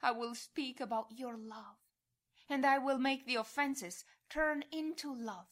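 Slow, hushed woman reading prayers. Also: high voice. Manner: hushed, often sinking to a whisper. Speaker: prayer reader.

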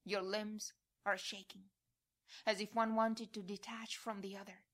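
A woman giving a devotional prayer reading in a hushed voice that often drops to a whisper. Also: medium pitch, little pitch movement, a little slow. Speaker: prayer reader.

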